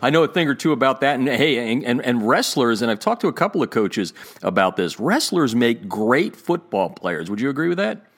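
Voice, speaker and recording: Pennsylvania man hosting a sports podcast, mid pitch, chatty and self-mocking. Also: big pitch swings, a little fast, hardly any pauses. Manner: chatty, self-deprecating, filler-heavy. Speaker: podcast host. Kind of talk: podcast interview.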